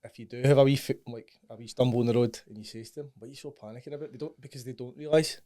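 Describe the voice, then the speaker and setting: A man's voice: medium pitch, fairly even intonation, rapid-fire, mellow, dry recording, clean studio sound. A Scottish man, a guest on a fitness podcast, talking candidly in casual chat and laughing often. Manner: candid, laughs often, says aye and right. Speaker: podcast guest, bodybuilding client.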